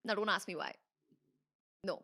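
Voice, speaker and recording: A young woman with an Indian English accent, a guest in a casual interview, chatty and animated with a slightly hoarse throat, laughing and restarting her sentences. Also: mid-range voice, normal speed. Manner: giggly, animated, full of fillers and restarts. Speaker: interview guest, dancer and creator. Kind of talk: casual rapid-fire interview chat.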